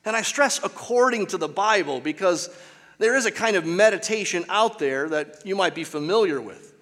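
A man's voice: high voice, animated, normal speed, a bit bright, big-room sound. A man preaching a sermon as pastor, with an emphatic, repetitive cadence, recorded in a church.

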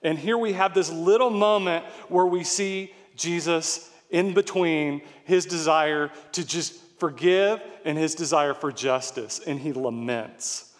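A man's voice: a little high, a little slow, hardly any pauses, big-room sound. A middle-aged man preaching a sermon as pastor, explaining scripture in an earnest, emphatic way.

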